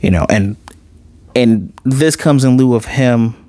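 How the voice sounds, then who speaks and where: A man's voice: medium pitch, measured pace, dark tone, no room sound. A man giving a heartfelt, conversational review of an anime episode, swearing casually as he talks.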